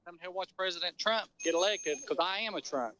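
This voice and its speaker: A somewhat high-voiced man, speaking plainly and a little haltingly. The recording sounds dull and lo-fi. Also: bright, forceful tone. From West Virginia.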